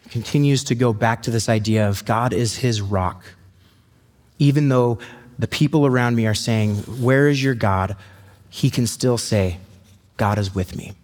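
A man's voice: medium pitch, a little mellow. Man preaching in a reverberant hall. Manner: conversational, storytelling, slows down for scripture. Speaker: pastor. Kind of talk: sermon.

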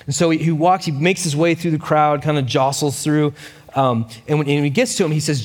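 A man pastor giving a sermon, telling a story with lively emphasis and frequent "um" and "uh" fillers. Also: on the high side, a little fast. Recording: reverberant hall.

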